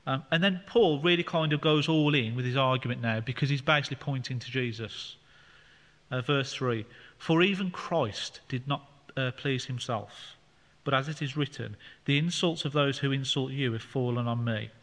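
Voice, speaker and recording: A man's voice: mid-range voice, moderate pace, fairly bright tone. A man leading a Bible study, explaining scripture in a conversational way with fillers. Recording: long hall reverb.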